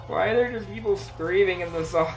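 A woman livestreaming a shooter game, talking slowly in a low voice and laughing at herself between exclamations. She sounds slightly under the weather, her throat dry. Faint game music plays underneath. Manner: giggly, self-mocking, frequent laughter and exclamations. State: feeling sick, dry throat. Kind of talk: casual gameplay livestream chat.

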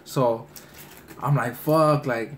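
A man's voice: medium pitch, fairly even intonation, slow pace, background noise. A man telling a rambling, profane story in street slang, acting out his friends' voices. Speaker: storyteller in a mukbang video. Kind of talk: casual storytelling.

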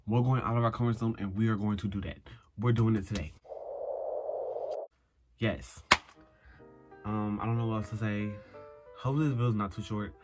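A man's voice: on the low side, steady tone, normal speed, long pauses, over loud music. A young man vlogging in a sassy, rambling casual chat, talking himself through a craft project. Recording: noisy background hiss.

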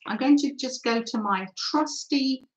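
In a very noisy recording, a woman with a high-sitting, unhurried voice hosts a craft livestream. She paints through a live mixed-media art demo, chatting and thinking aloud, and reads out viewers' comments with thanks.

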